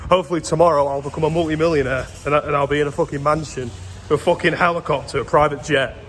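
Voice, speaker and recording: A British vlogger in his twenties walks down a street telling stories in an exasperated, swearing rant. His voice is on the high side, a bit bright, fast and fairly even in intonation. There's slight background noise.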